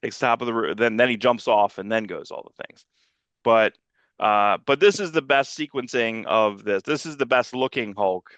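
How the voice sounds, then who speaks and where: A man's voice: medium pitch, moderate pace, fairly bright tone, no room sound, muffled recording. A man co-hosting a comics podcast, chatting casually and rambling through a movie review, often restarting his sentences. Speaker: podcast co-host.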